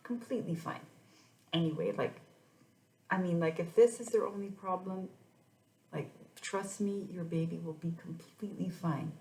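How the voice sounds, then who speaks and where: Chatty mother with a low voice. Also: moderate pace, a little mellow. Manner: chatty, rambling with many restarts. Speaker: mother sharing her story. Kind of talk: casual personal vlog. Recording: echoey room.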